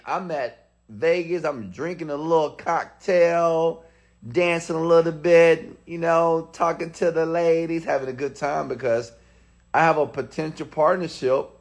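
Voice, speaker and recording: A motivational speaker in his thirties animatedly recounts a personal story, bursting into sudden excited shouts. His voice sits on the high side.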